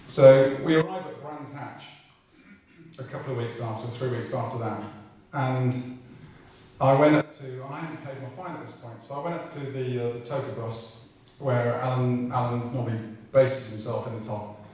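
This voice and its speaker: A middle-aged British man spins comic anecdotes in a chatty, irreverent way, swearing freely. His voice sits at a mid pitch and sounds far from the microphone. A strong roomy echo from a large hall surrounds every word. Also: steady tone, moderate pace, dark tone. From Britain. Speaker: racing driver guest. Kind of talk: comic anecdote telling at a live evening. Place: large room at a live talk event.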